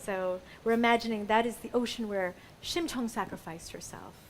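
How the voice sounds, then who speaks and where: A woman's voice: on the high side, moderate pace, a little hiss or hum. A woman performer explaining audience call-outs at a live show in a museum, playful and chatty, laughing often. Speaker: solo musical performer.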